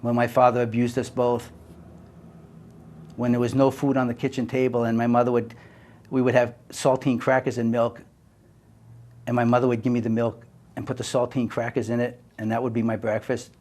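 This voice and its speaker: Older man, from the United States, earnest monologue, emphatic, mid-pitched voice. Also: level tone, normal speed, long pauses. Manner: emphatic, earnest, swings between forceful and hushed. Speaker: speaker. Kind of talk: impassioned personal monologue.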